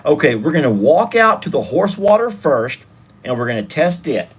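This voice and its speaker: A man's voice: fairly high pitch, sing-song, normal speed, husky. A man with a Southern US accent, chatting folksily to viewers in a casual outdoor ranch vlog. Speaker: ranch vlogger. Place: outdoors on a farm pasture.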